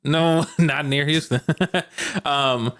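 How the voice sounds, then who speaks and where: A young man from Arkansas, co-hosting a podcast in a relaxed, slangy chat, laughing often. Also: fairly high pitch, drawn-out words. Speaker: podcast co-host. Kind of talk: casual chat.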